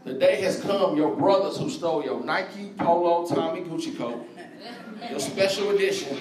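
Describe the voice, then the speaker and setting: A high-pitched man preaching a sermon, speaking conversationally and slangily and calling out to his congregation. He sounds distant from the mic, and his voice rings around an echoey church hall. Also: expressive, moderate pace. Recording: echoey room, voice from far off.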